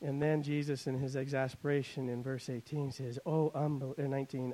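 A pastor preaching a sermon, swinging between loud emphasis and quiet asides, and paraphrasing scripture in a wry, conversational way. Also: male voice, medium pitch, flat delivery, brisk, hardly any pauses, rough recording.

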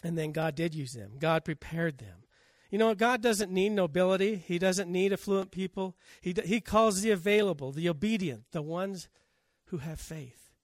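A man's voice: sits high, moderate pace, few pauses, no echo, studio quality. A man preaching a sermon, telling scripture stories and acting out the quotes. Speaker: pastor.

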